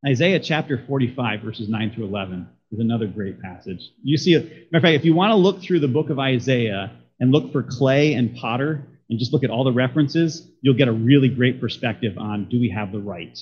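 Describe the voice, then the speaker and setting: A man's voice: medium pitch, expressive, a little fast, few pauses, highs cut off. A man preaching a sermon as a pastor, talking conversationally and putting questions to his congregation.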